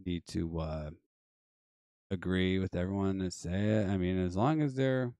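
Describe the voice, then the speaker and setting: A man hosting a casual live stream, reading the chat and joking easily with callers. His voice sits very low, and the sound is dry and close with no room echo. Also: measured pace, mellow, clear, resonant tone. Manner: laid-back, reads chat and banters with callers.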